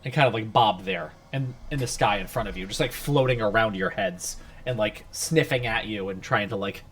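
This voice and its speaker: A man's voice: lowish voice, normal speed, fairly bright tone. A man narrating a tabletop game as game master, rambling with many fillers and restarts, into a home microphone with a pop filter.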